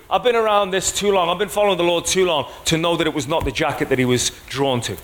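Man, preacher, sermon, chatty, asks the crowd questions, a bit high-pitched. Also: a bit bright. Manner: conversational, checks in with the crowd.

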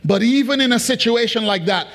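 A preacher delivers a sermon in a notably high voice for a man. He repeats phrases for emphasis and keeps checking in with the congregation, pressing each point home. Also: fairly quick, a bit bright. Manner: emphatic and repetitive, asks the congregation questions. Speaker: pastor.

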